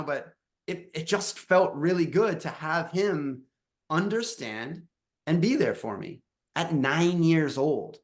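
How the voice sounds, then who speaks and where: A man in his thirties sharing a personal story as a dad coach, emotional and halting, often restarting his words. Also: fairly high pitch. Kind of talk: personal storytelling in a podcast chat.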